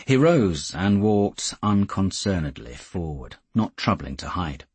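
A man narrating an audiobook in a steady, measured way. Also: sits low, husky, no room sound.

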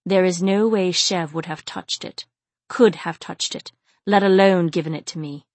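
A woman reading the part of a stern male djinn warrior, speaking quietly and grimly. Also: on the low side, steady tone, normal speed, no room sound, lightly acted. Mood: earnest. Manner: quiet and grim. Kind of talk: audiobook character reading.

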